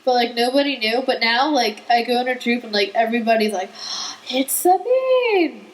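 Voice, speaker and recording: A woman's voice: on the high side, fairly even intonation, fast, poor audio. A teenage girl hosting a casual podcast chat, telling chatty stories with laughs. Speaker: podcast host.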